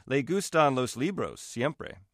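A man reading aloud, voicing a cheerful, overeager middle-aged mother who chats brightly. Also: mid-range voice, animated, unhurried, no echo, studio quality, pitched above the performer's own voice. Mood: chirpy. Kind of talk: literary reading.

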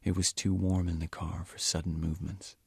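A man reading from his novel in a measured, quiet way, at times almost whispering. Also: low-pitched, flat delivery, vocal fry, husky, no echo. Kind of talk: audiobook-style reading.

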